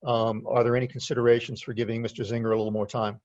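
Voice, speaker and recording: Man running a council meeting, fast and businesslike, heard through muffled room audio. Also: medium pitch, little pitch movement, a little mellow. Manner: brisk and procedural. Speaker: meeting chair. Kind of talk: chairing a meeting.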